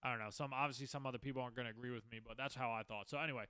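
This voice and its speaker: A man's voice: mid-range voice, fairly even intonation, racing, bright, forceful tone, clean tone, dry recording. A man in his twenties hosting a podcast, telling his own story in a rambling, candid, profane way. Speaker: podcast host. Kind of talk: casual storytelling.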